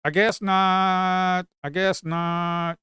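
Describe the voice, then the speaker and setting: Male trader streaming live, mutters, repeats himself, curses; smooth, close, dry sound. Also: high-pitched, little pitch movement, drawn-out words, pushed and bright, no echo. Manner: talks to himself and viewers, repeats phrases, swears. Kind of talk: live trading commentary.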